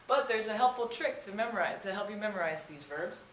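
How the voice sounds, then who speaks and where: A woman's voice: mid-range voice, animated, a little fast. A young woman teaching grammar, explaining the rules patiently, step by step. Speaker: Spanish teacher. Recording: echoey room, faint noise.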